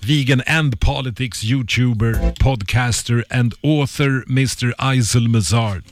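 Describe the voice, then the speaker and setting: A man hosting a radio show, running through shout-outs in loose, repetitive DJ patter with stutters. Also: mid-range voice, unhurried. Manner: hype DJ patter with stutters and repeats. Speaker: radio DJ host. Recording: music playing underneath.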